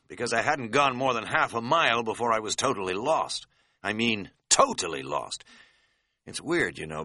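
A man's voice: lowish voice, sharp tone, no echo, clean studio sound, heavily acted. A man voicing a scatterbrained middle-aged hiking buddy who talks in a folksy, rambling, self-mocking way. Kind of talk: audiobook character voice.

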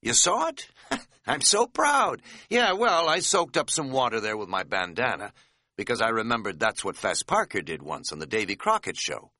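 A man's voice: mid-range voice, very animated, normal speed, pushed and bright, dry recording, studio quality. A man voicing a scatterbrained middle-aged hiking buddy who talks in a folksy, rambling, self-mocking way. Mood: rambling sheepish. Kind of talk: audiobook character voice.

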